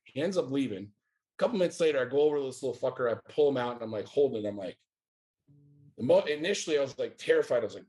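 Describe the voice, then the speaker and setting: A man's voice: medium pitch, lively intonation, fast, darkish tone. A man in his forties from the United States, a podcast guest talking in a blunt, emphatic, profane way. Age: 40s. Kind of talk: casual chat.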